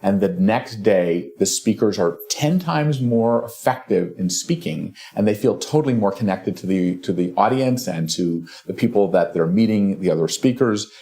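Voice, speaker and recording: A man's voice: fairly low pitch, lively intonation, moderate pace, hardly any pauses, dark tone. A man hosting a podcast interview, chatty, cutting in often and restarting his phrases. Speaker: podcast host. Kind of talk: casual interview chat.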